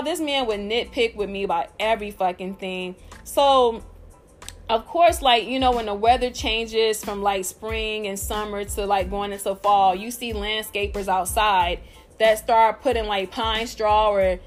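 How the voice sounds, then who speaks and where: A woman telling a workplace story in a casual, blunt and profane vlog style. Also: a little high.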